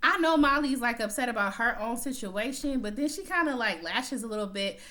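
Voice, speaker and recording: A woman's voice: fairly high pitch, animated, a little fast, sharp tone. Chatty woman recapping a TV episode. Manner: chatty, slangy storytelling, often laughing. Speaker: TV recap vlogger.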